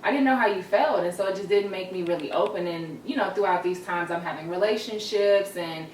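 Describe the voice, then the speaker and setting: A young adult woman speaks at a mid pitch, candid and reflective, in relaxed conversation. The sound is roomy and a little distant, with faint background noise. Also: a little fast. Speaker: vlogger. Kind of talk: casual conversation. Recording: roomy, slightly distant mic with faint ambience.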